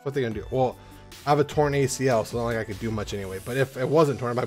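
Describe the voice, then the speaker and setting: A man vlogging as he opens trading card packs at home. He rambles, swears freely and now and then breaks into loud, excited whoops. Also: mid-range voice, very fast, faint music behind. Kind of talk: casual rambling vlog. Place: at home in an apartment.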